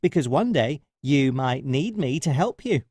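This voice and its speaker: A man voicing a tiny, bold and stubborn male mouse in a squeaky voice. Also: animated, measured pace, a little mellow, slightly rough, no room sound, studio quality. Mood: defiant.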